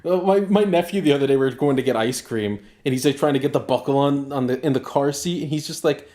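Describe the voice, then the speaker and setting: A podcast co-host in casual chat, telling crude stories in a deadpan way. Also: mid-range voice, fast talker, hardly any pauses.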